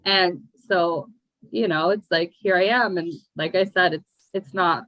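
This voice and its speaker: A woman's voice: on the low side, fairly even intonation, measured pace, fairly bright tone, no echo, low-quality recording. A young woman from the United States, chatting casually as a guest poet with lots of fillers. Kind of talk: casual conversation. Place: remote call from abroad.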